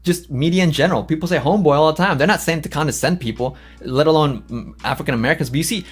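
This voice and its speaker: A Los Angeles man hosting his own channel livestreams commentary, animatedly reading comments aloud and answering them with sass. His voice is a little high, fast, and slightly rough.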